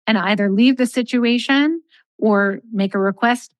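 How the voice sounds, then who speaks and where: A middle-aged life coach speaks in a podcast interview, offering calm, measured advice and acting out sample lines of dialogue. Her voice sits on the high side, and the recording has no room sound.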